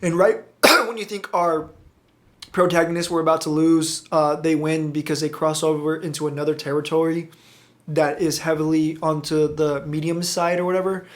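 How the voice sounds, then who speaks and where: A man's voice: on the high side, fairly even intonation, normal speed. A man casually recapping an anime episode, rambling with lots of fillers, swearing and correcting himself as he goes.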